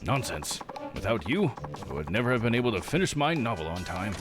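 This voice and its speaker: A courteous, formal male novelist from a video game speaks in measured, old-fashioned phrases, as a male streamer reads his lines. His voice sits a little low. Game music plays clearly behind him. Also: sing-song. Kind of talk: reading game dialogue aloud.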